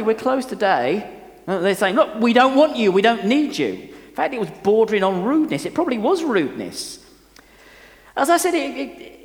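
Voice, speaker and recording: An older pastor preaching in a high, lively voice that climbs and drops all over its range. His sermon is earnest and full of personal stories, delivered with restarts. The sound carries a long reverb, as if from a church hall. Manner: earnest, storytelling, with frequent restarts.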